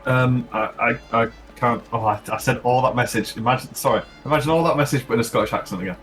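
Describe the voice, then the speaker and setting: A man's voice: medium pitch, fairly even intonation, fast talker, a bit bright, faint music behind. A man, chatting as a player in a tabletop game, rambling and laughing often. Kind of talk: casual chat playing a tabletop game.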